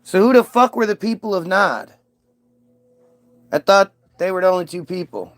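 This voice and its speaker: A man's voice: high voice, expressive, moderate pace, no room sound. A man delivering a profane comedic rant in a sarcastic, irreverent, rambling way.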